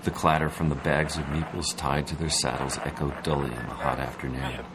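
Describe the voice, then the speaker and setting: A man giving a dramatic, deliberate scripted story narration. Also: extremely low pitch, flat delivery. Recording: noisy, with vehicle ambience.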